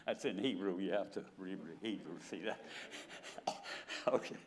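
A man's voice: sits low, moderate pace, slight background noise. A man in his nineties preaching a sermon, telling stories and chuckling often as he acts out scripture. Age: 90s.

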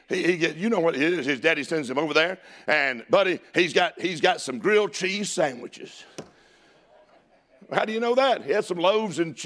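A man preaching a lively sermon in a Southern US accent, shouting at peaks and laughing between folksy asides. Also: high voice.

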